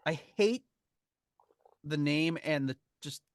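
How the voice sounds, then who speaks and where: A man's voice: on the high side, slow, no echo. A man hosting a podcast, chatting casually and animatedly, with frequent laughs and fillers. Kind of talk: casual chat.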